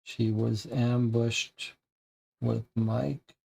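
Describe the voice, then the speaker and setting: A man's voice: mid-range voice, level tone, very slow, creaky, a little mellow. A man playing a game and thinking aloud as he takes notes. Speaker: game player. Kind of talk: casual game commentary.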